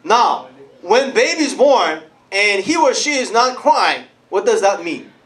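High-voiced, lively preacher man. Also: a little slow. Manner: lively, calls out to the congregation and laughs often. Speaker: pastor. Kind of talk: sermon.

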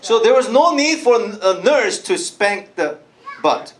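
High-voiced, lively preacher man. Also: a little slow. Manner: lively, calls out to the congregation and laughs often. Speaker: pastor. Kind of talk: sermon.

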